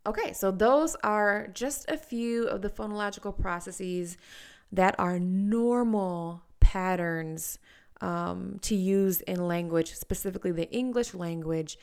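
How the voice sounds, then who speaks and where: A woman, a speech-language pathologist, explaining children's speech patterns to parents, deliberately and with emphasis on the sounds she models. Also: mid-range voice, darkish tone, smooth. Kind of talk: parent education talk.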